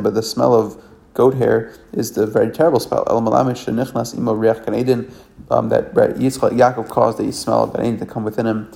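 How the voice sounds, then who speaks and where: A man reading scripture aloud and translating it line by line in a study lesson, halting often and restarting words as he goes. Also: mid-range voice, gravelly, mellow. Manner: halting, self-correcting reading with many restarts. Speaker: Torah study reader.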